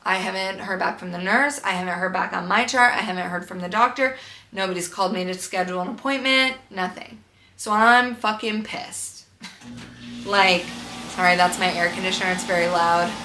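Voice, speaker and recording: A young woman talks through her week in a rambling, frustrated vlog, swearing freely. Her voice is bright and sharp. She records at home in an echoey room with a faint air-conditioner hum behind her. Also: lowish voice, steady tone, normal speed. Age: young adult. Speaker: vlogger. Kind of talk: casual chat.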